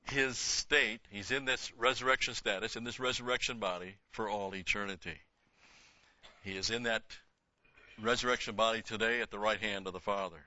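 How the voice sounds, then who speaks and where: A lower-pitched man with a strikingly bright, forceful tone teaches through Scripture. He reads the verses with lifted emphasis and explains them in plain, offhand remarks. The sound is dry and close, though slightly dull. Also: fairly even intonation, normal speed, dry recording. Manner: reads scripture aloud with rising emphasis, then explains in a casual aside. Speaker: Bible teacher.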